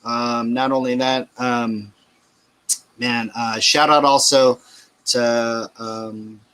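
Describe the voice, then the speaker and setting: A man's voice: mid-range voice, level tone, slow pace, fairly bright tone, clean tone. A man, hosting a casual podcast chat, rambling loosely and swearing freely. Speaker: podcast host.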